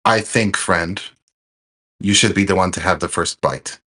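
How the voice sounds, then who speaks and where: Man as generous adventurer, slow, low, measured. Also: pushed and bright, heavily acted.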